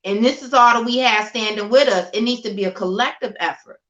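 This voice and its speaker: A woman's voice: fairly high pitch, a little fast, echoey room, highs cut off. A woman speaking with passion and emphasis in a casual political conversation. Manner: forceful and emphatic, preacherly build. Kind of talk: impassioned casual talk.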